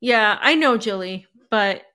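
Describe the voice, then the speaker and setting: Bright-voiced chatty female co-host. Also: on the high side, expressive, measured pace, clean tone. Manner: laughing, chatty, hesitant with fillers. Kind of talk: casual political talk show.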